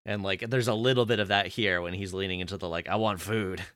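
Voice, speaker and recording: A man's voice: sits low, a bit bright, clean tone, no echo. Dry-sounding laughing man on a podcast. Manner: laughing, trailing off, halting restarts. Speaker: podcast co-host. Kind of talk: casual podcast recap chat.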